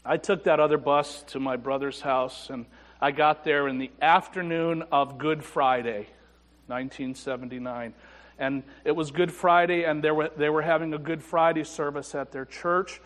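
Male pastor, higher-pitched voice, personal-story sermon, church sanctuary with long reverb. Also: fairly even intonation, moderate pace. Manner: personal storytelling with self-deprecating humor and hushed reflective moments.

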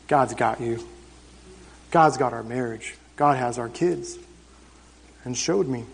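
A man's voice: medium pitch, creaky, a little mellow. A man in his thirties telling his personal testimony to a church congregation, in an emphatic, conversational storytelling way. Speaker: church member giving testimony. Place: church service. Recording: reverberant church hall.

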